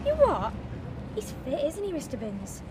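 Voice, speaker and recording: An actress playing an excitable, chatty young woman. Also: sits high, normal speed, noisy background. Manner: breathless, chatty.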